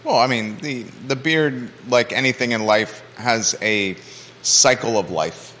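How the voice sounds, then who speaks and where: A man's voice: medium pitch, a little slow, a bit bright, long reverb tail, slight background noise. A man co-hosting a live chat show, teasing his partner, laughing often and reading viewer comments aloud. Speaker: co-host.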